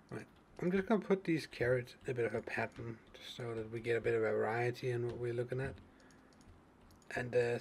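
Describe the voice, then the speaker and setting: A man with a medium-pitched, slightly mellow voice casually narrates his own survival gameplay as a let's play gamer. He thinks aloud with lots of fillers and restarts, and there's a faint hiss or hum in the recording.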